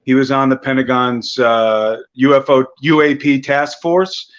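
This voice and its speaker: A man speaking as an interview guest, explaining at length in an earnest, steady way with some restarts. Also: medium pitch, measured pace, muffled recording. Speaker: guest researcher. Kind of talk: interview answers.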